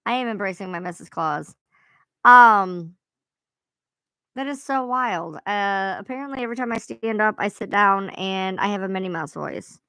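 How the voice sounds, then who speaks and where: A woman's voice: mid-range voice, moderate pace, bright, forceful tone, smooth, no echo. A woman hosting a casual livestream, rambling and swearing freely as she chats to viewers. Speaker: livestream host.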